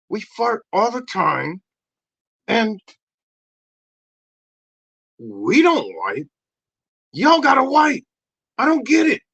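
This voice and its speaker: A man voicing a crude, brash male dog who rants and shouts in a comedy podcast bit. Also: very high voice, vocal fry, exaggerated voice. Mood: mocking.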